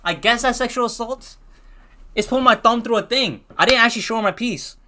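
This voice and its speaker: A man's voice: very high-pitched, a little fast, pushed and bright, slight background noise. A young man casually telling a rambling storytime, full of slang and restarts.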